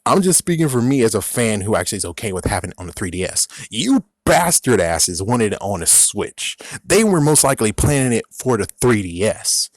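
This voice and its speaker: Low-voiced young man ranting. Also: sing-song, a little fast, few pauses, no room sound, studio quality. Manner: ranting, exasperated, swinging from loud outbursts to muttered asides. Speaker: video creator. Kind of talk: casual ranting vlog.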